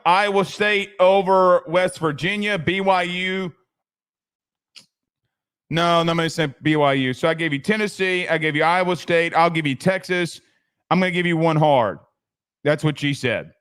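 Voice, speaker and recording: Rambling, high-voiced sports podcast man. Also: measured pace, a bit bright, smooth. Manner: loose, rambling, swears, many restarts. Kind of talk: casual live-stream chat reading viewer comments.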